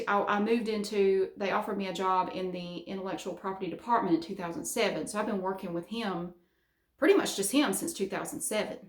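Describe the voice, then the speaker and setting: Chatty Southern woman, roomy sound. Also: medium pitch. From American South. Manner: chatty, laughs often, trails off. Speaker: vlogger. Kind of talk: casual chat. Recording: roomy echo.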